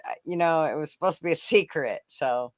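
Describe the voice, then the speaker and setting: Older man, high bright voice, gushing, giggly, rambling livestream host, dry close sound. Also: brisk, dry recording. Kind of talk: casual livestream chat.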